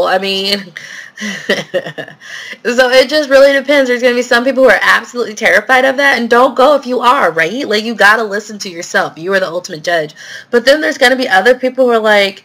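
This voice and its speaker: On a live stream about real estate investing, a woman fields viewer questions in a casual way, with many fillers. Her voice is on the high side and a bit bright, and she speaks at a normal pace.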